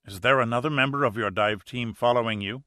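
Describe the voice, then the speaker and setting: A man voicing a gloomy, fatalistic doctor who speaks solemnly and slowly, read as an audiobook character. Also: mid-range voice, pushed and bright, dry recording, clean studio sound, close to an everyday voice. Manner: solemn, slow.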